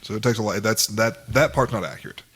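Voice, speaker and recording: A man's voice: fairly low pitch, quick pace, a bit bright, breathy edge. A man co-hosting a podcast, chatting casually and explaining at length, often repeating words as he gathers his thoughts. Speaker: podcast co-host with courtroom experience. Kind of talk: casual chat.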